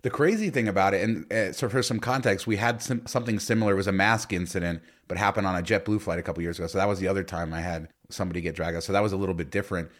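A man with a lowish voice tells a long story in a relaxed podcast chat. He rambles, restarts and fills pauses with "uh" and "like" as he goes. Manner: rambling storyteller with many fillers. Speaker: podcast co-host. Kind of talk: casual chat.

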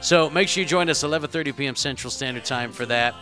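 A man hosts a casual livestream, and his voice has a bright, forward edge. He rambles through plugs and sign-offs with plenty of ums and uhs. He is losing his voice, and music plays faintly behind him. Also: mid-range voice, quick pace. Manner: rambling, filler-heavy. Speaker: livestream host.

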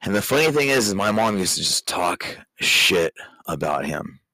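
A man with a very low voice speaks openly and emotionally, stopping and restarting as he talks straight to his child. The sound is dry and close, with no room around it. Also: very animated, bright, forceful tone, no room sound, rough recording. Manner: candid and emotional, halting with restarts. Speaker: podcast host, father speaking to his daughter. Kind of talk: personal podcast monologue.

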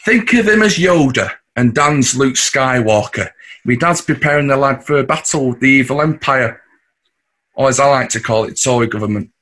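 A cocky Manchester husband. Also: male voice, medium pitch, lively intonation, normal speed, fairly bright tone. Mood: coaxing. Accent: Mancunian. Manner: cocky, wheedling, coarse. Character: scheming, boastful working-class husband and dad. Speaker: husband and father. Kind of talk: audio drama acting.

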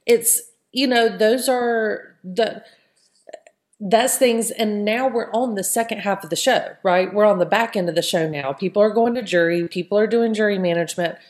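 A woman's voice: medium pitch, moderate pace. A woman hosting a casual podcast chat, talking loosely and often tagging her points with "right?". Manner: chatty, keeps adding "right?". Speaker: podcast host.

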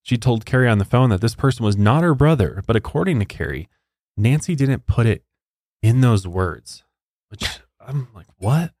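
A man's voice: mid-range voice, lively intonation, normal speed, darkish tone, no room sound, studio quality. A man hosting a podcast, telling a true-crime story in a casual, conversational way with incredulous asides. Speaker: podcast host.

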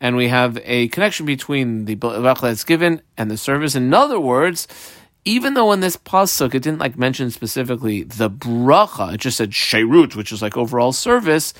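A man teaching a Talmud lesson, drawing out Aramaic phrases in a sing-song and then explaining them quickly in casual English. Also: medium pitch, animated, fairly bright tone, no room sound, clean studio sound. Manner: conversational explaining with fillers. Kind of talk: line-by-line Talmud study lesson.

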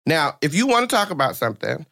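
Animated, lively male podcast host. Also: fairly high pitch, fast, creaky. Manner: animated, chatty, laughs often. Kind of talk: casual chat. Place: studio with close mics.

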